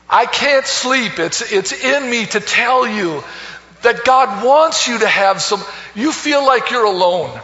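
A man preaching a sermon, swinging between soaring loud calls and hushed low phrases and repeating words. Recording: echoey hall, dull lo-fi sound.

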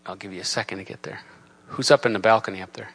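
A man preaching a sermon in a church. He reads scripture in a solemn cadence and builds from soft, low talk to loud, raised preaching. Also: fairly even intonation, fast. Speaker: pastor. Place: church sanctuary.

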